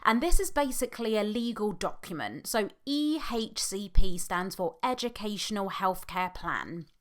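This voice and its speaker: A British woman in her thirties hosting her own podcast, talking in a halting, emotional way and close to tears. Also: medium pitch, expressive. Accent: British English. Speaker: podcast host; hypnotherapist. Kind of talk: personal podcast monologue.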